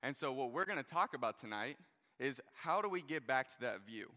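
Young guy preaching, bright edgy voice, chatty and jokey, lots of likes, big hall echo. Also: medium pitch, lively intonation, a little fast. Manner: chatty, joking, lots of "like" and "you guys". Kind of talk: casual sermon with stories. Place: large hall with a live audience. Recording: long hall reverb.

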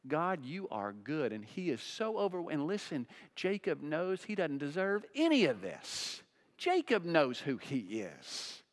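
A man preaching a sermon as pastor, swinging between loud emphatic peaks and hushed low passages, often repeating words for emphasis. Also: wildly swooping pitch, unhurried.

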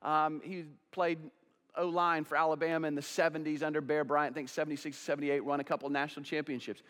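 High-voiced preaching man in a reverberant church. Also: flat delivery, fast talker, a bit bright. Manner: preaching with rhetorical questions, acting out both sides of dialogues. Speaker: pastor. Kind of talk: sermon. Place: church sanctuary. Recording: church sanctuary with long reverb.

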